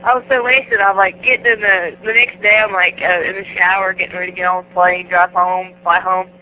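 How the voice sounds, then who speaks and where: A woman guest on an interview, telling stories in a casual, animated way, laughing often and acting out the people in them. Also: fairly low pitch, fairly quick. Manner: animated, laughing, acts out the voices in her stories. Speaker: guest wrestler. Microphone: phone. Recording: tinny phone line, faint hiss.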